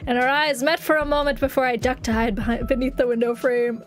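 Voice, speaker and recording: A woman's voice: sits high, little pitch movement, fast, few pauses. A woman streamer reading a visual novel game aloud on a live stream, with giggly, chatty asides and playful exclamations.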